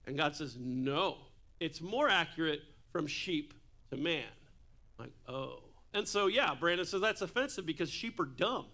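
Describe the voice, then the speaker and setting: A man's voice: a little high, expressive, a little slow, sharp tone. A man preaching a sermon at church in a casual, joking way, with asides to the congregation. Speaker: pastor.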